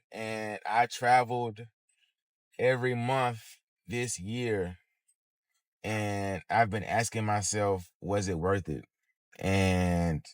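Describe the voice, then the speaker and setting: A man as a business coach in a casual session, thinking aloud with fillers and pauses, a bit sleepy. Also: mid-range voice, dry recording.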